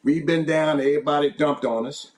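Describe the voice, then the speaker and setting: A man speaking as a farmer guest in an interview, plainspoken and halting. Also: fairly high pitch, steady tone.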